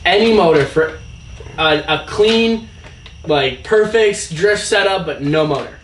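A young man hosting a casual car podcast, talking excitedly and imitating turbo sounds. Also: high-pitched, unhurried. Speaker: podcast host. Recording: echoey room, mic far off, faint noise.

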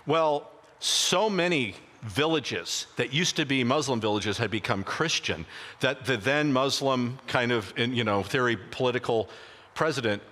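A male pastor delivers a sermon in a casual storytelling manner, his voice bright and forward. He talks in animated bursts and often backs up to restart a phrase. Every word lingers in the long reverb of the church sanctuary. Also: mid-range voice, a little slow. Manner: animated anecdotal retelling with frequent restarts.

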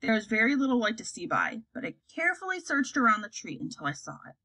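A woman reading a children's fantasy story aloud, acting out the characters in a lively way. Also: on the high side, quick pace, poor audio. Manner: acts out characters, lively delivery. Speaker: audiobook reader.

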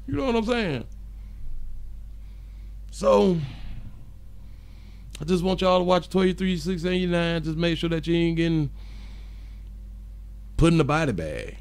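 Male live-stream host, high and raspy, joking, chuckles between reading comments. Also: animated, a little slow, long pauses, a little mellow. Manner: chuckles often, loose and joking. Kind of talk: casual live-stream chat, reading viewer comments aloud.

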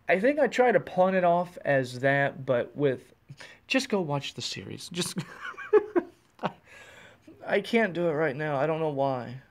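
Male solo podcaster, loose self-interrupting delivery, voiced through a gaming headset at home. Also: medium pitch. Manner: rambling, self-interrupting, chuckling. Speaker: podcast host. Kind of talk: casual solo podcast chat. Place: room at home. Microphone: USB gaming headset microphone.

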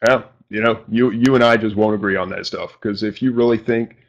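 A man's voice: on the low side, steady tone, fairly quick. A man from New England hosting a live-stream show, talking informally with mild slang and self-deprecating asides, at his home desk. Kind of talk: casual live-stream chat. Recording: dull lo-fi stream audio.

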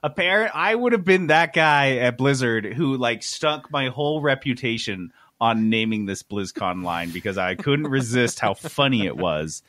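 A man's voice: medium pitch, animated, normal speed, hardly any pauses, fairly bright tone. A man co-hosting a casual gaming podcast, playful and teasing. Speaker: podcast co-host.

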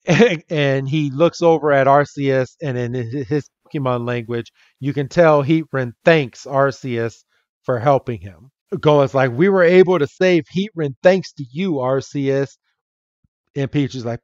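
A man's voice: medium pitch, takes it slowly, darkish tone, dry recording, dull audio. A man co-hosting a podcast, casually recapping an episode, laughing often and mimicking characters' lines. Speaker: podcast co-host.

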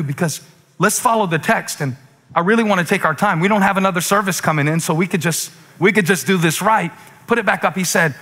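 A pastor in his forties preaches in a loose, conversational way, building to emphatic high points. His voice is bright and sits a little high for a man, and it rings with the long reverb of a large hall. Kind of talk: sermon. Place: church stage with few listeners.

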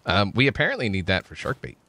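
A man's voice: lowish voice, very animated, quick pace, bright, forceful tone. A man playing a multiplayer game with a friend, chatting casually and teasing. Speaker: co-player. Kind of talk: casual gameplay chat.

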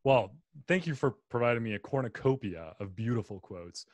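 A podcast host with a mid-pitched voice that swings up and down a lot as he jokes and laughs with his guest. He reads listener questions aloud in a playful way. The sound is dry and close. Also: expressive, brisk, a little mellow, dry recording. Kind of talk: casual podcast interview.

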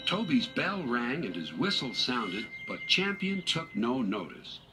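A man reading a children's railway story aloud in an unhurried, expressive storybook manner. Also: mid-range voice. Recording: music bed under narration.

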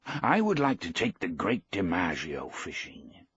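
A man reading the part of an elderly, proud, gentle fisherman, speaking plainly and quietly. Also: deep voice, wildly swooping pitch, a little slow, full character voice.

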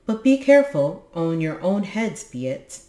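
A small, fearful storybook creature who frets and speaks in a nervous hush, as a woman puts him on. The voice sits higher than her usual low tone and comes a little louder. The room around it is echoey. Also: sing-song, measured pace, faint music behind. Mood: frightened. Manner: nervous, hushed. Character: timid tiny male creature, fearful.

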